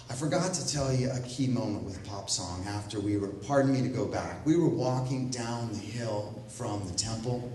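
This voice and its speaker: Male storyteller for a live comic piece, lively delivery with wry asides, recorded from a distance in a very echoey room. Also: mid-range voice, a little hiss or hum. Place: event room at a library.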